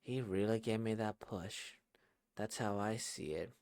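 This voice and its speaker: A man reading manga aloud in his own soft, quiet voice for a shy young woman racer. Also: fairly low pitch, measured pace, dry recording, voice pushed down. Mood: reflective.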